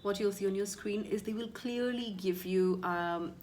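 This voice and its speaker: A woman coaching cabin crew candidates, speaking clearly and deliberately and stressing key words. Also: medium pitch, a little mellow, slight background noise. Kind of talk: instructional video talk.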